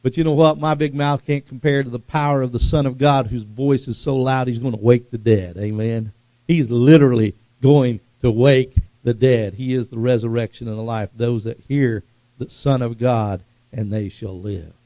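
A male preacher delivers a fervent sermon, his gravelly voice swinging into sudden loud bursts. The recording is dry and a little muffled, with no room sound. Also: mid-range voice, steady tone, moderate pace, no room sound.

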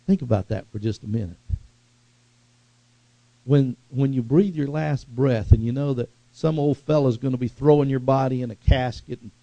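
A man preaching a sermon with fervent, animated delivery and sudden loud bursts. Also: medium pitch, gravelly, dry recording, dull audio.

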